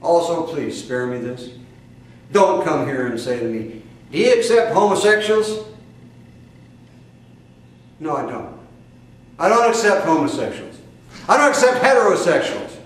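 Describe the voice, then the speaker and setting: An older man with a Midwestern American accent preaching a sermon to a congregation, emphatic and fiery, with sudden loud bursts and drawn-out stresses. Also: fairly high pitch, expressive. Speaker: spiritual teacher. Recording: echoey distant room recording with faint noise.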